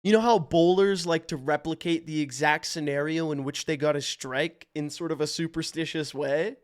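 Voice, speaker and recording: A man from Canada streaming live, thinking out loud while he guesses, hyped up and swearing freely. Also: a little high, steady tone, normal speed. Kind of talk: casual live-stream commentary.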